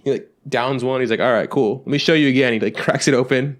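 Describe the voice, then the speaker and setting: A man's voice: mid-range voice, fairly even intonation, fast. A young adult man on a casual podcast, telling rambling anecdotes and acting out quotes, swearing freely. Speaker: podcast co-host. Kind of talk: casual storytelling chat.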